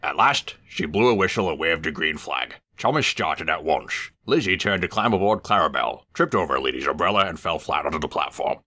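Deep, lively storybook narrator man. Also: a little fast, few pauses. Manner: expressive storybook reading. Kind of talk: reading a children's story aloud.

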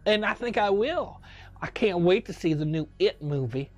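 A man's voice: high voice, lively intonation, normal speed, highs cut off. A man doing a rambling older statesman gamer. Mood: chatty. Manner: rambling, muttering to himself while picking cards. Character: rambling older male statesman, touchy and self-assured. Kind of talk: comedic gaming commentary in character.

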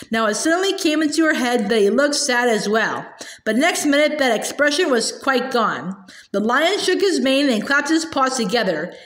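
A woman's voice: high-pitched, fairly bright tone. A woman reading a children's novel aloud, often stumbling with fillers and restarts. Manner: hesitant, with frequent fillers and restarts. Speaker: storybook reader. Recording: roomy echo.

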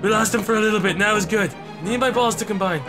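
High-voiced excitable male gamer. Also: fast. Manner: excitable, mock-serious, crude joking. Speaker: gaming commentator. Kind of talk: comedic gameplay commentary. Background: background music.

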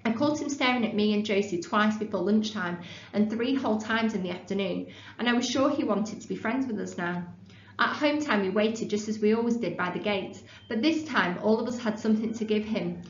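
A woman teacher reading a children's book aloud in a clear, expressive storytelling voice. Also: mid-range voice, a little fast, a little hiss or hum. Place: classroom. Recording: roomy, dull lo-fi classroom recording.

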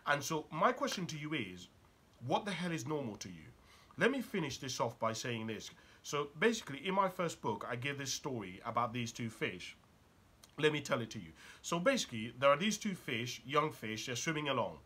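Male life coach, husky and bright, emphatic motivational talk full of questions. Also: mid-range voice, sing-song, normal speed. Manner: rhetorical questions, emphatic storytelling. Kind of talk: motivational monologue.

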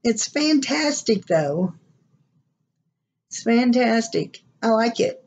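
A woman's voice: a little high, big pitch swings, takes it slowly, a little mellow, slightly rough, dull audio. A woman from Oklahoma with an Oklahoma accent, chatting casually and rambling through an unboxing vlog. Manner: chatty, rambling, laughs often. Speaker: vlogger.

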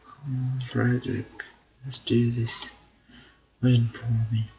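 A man's voice: medium pitch, level tone, slow, vocal fry, darkish tone, highs cut off, slight background noise. A man doing casual gameplay commentary, cheering on and pleading with his duck in a mock British accent. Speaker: gamer, video host.

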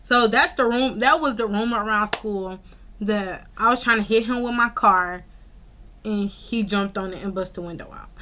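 A young woman vlogger telling a story in a casual, animated way, full of slang and fillers. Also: mid-range voice, normal speed, a little hiss or hum.

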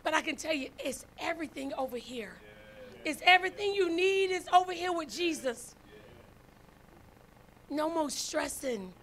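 A woman preaching a sermon to her congregation as the church's first lady. She swings from hushed pleading to shouted exhortation and calls out to the people. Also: extremely high pitch, slight background noise.

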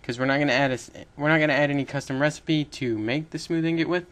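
The host here is a young man with a fairly high, fairly bright voice and a quick pace. He rambles through a casual screen-recorded coding tutorial, self-correcting as he goes and chatting with little laughs.

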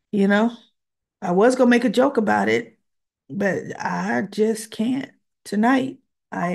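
A woman recapping a soap opera episode in a casual monologue, emotional and teary, exasperated and animated as she retells it. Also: medium pitch, vocal fry.

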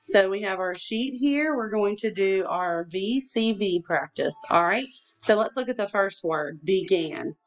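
A woman leads a one-on-one reading lesson at an ordinary pitch. She prompts patiently with question after question and answers with quick praise. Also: expressive. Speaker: teacher.

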